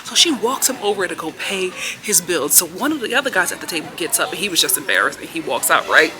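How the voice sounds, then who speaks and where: A woman vlogging outdoors on a city street, filming herself on her phone. She tells a story in a chatty, animated way and acts out what people said. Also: fairly low pitch, quick pace. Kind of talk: casual storytelling vlog. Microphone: phone camera held while filming herself.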